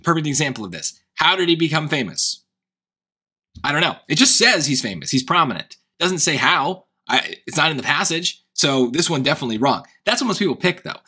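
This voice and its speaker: A man's voice: fairly high pitch, sharp tone, breathy edge. A man with a Long Island accent tutoring SAT reading, thinking aloud through answer choices with frequent hesitations and restarts. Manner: hesitant, self-questioning, many restarts. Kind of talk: thinking-aloud test prep lesson.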